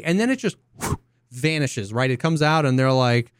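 A man co-hosting a casual podcast, talking in an animated, rambling way with many restarts and mock voices. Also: medium pitch, moderate pace, clean tone, dry recording, studio quality. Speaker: podcast co-host and streamer.

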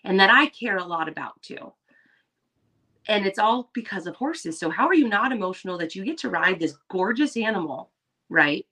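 A woman's voice: medium pitch, moderate pace. A woman co-hosting a podcast, telling stories in casual chat and acting out what others said. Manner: animated storyteller, acts out quoted voices. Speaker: podcast co-host.

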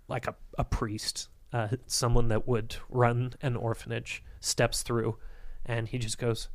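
A man's voice: medium pitch, measured pace, dry recording. Laughing game master, man narrating a tabletop game. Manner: laughs often, animated character voices. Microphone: studio mic.

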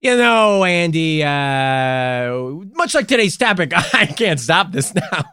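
A man's voice: fairly high pitch, big pitch swings, slow, pushed and bright, smooth, dry recording. A man co-hosting a comedy podcast, playful and over the top with mock enthusiasm. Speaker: podcast co-host.

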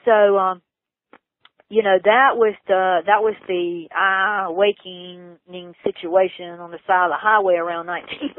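A woman with a fairly low voice tells a personal story with earnest emphasis, jumping up in pitch when excitement takes her. She comes through a narrow, tinny phone line. The sound is dry and close. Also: measured pace, no echo. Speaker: guest telling her story.

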